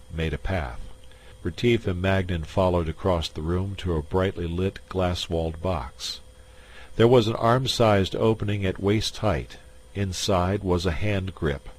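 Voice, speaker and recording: A man reading a science fiction short story aloud in a measured narration. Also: low voice. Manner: slow, measured.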